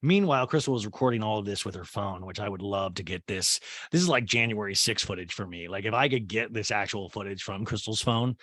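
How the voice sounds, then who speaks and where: A man's voice: fairly low pitch, fairly quick, no echo, clean studio sound. A man hosting a podcast, recapping a reality TV episode in a casual, rambling way, swearing and joking as he goes. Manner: animated, rambling, swearing and laughing. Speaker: podcast host.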